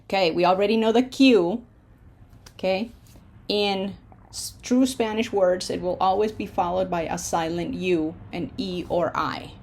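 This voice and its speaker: A woman's voice: medium pitch, fairly even intonation, measured pace, a little mellow. A woman teaching a pronunciation lesson, patient, checking in often with her students. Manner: patient, checks in with frequent "okay?". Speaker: Spanish teacher.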